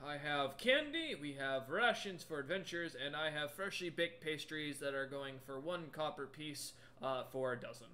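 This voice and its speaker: A man's voice: on the high side, animated, a little hiss or hum. A man doing a courteous hulking troll shopkeeper. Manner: gentle, courteous, slightly halting.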